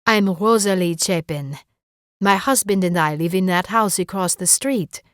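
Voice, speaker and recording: A woman's voice: on the low side, measured pace, dry recording, clean studio sound, lightly acted. Woman putting on a cheerful French-accented neighbor. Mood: friendly. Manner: cheerful and gay.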